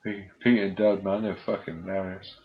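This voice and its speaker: Low-voiced man telling stories. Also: flat delivery, moderate pace. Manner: laughing storyteller, acts out quotes, swears freely. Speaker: live stream co-host. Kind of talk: casual chat, retelling comedy sketches. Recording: dull lo-fi stream audio.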